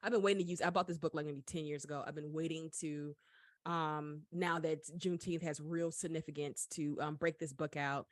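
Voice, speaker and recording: A woman's voice: deep voice, fairly even intonation, a little fast, dry recording, clean studio sound. A woman co-hosting a podcast, talking in a casual, chatty way with frequent fillers and restarts. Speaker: podcast co-host. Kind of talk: casual chat.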